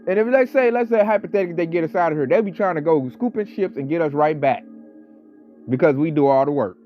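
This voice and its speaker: A man delivering a casual ranting monologue, talking with animated, mocking energy and mimicking coworkers. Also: fairly high pitch, fast. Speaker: online commentator. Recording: slightly dull audio, faint background music.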